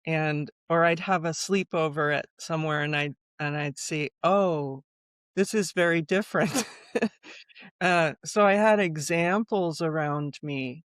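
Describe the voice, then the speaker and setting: A woman in her sixties, a guest author, speaking slowly and reflectively in an interview conversation. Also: low voice, clear, resonant tone, no echo, clean studio sound.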